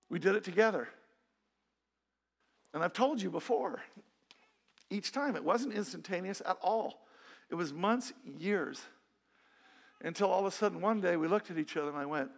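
Earnest man preaching, fairly high voice. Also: lively intonation, moderate pace, gravelly, long pauses. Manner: earnest, conversational preaching with frequent restarts. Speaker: pastor. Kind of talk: sermon. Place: church sanctuary.

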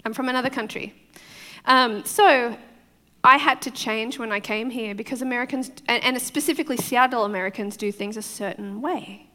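A woman's voice: a little high, normal speed, sharp tone, in a large hall. A woman pastor with a foreign accent, preaching a conversational sermon and often checking in with her listeners. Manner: chatty, often checks in with the crowd, laughs easily.

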